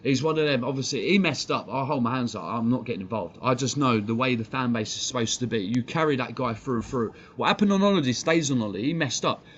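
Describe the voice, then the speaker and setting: Speaking fast with barely any pauses, an English man vents on a live fan stream, blunt, combative and swearing. His medium-pitched voice has a fairly bright tone. Dull, lo-fi stream audio carries faint background noise.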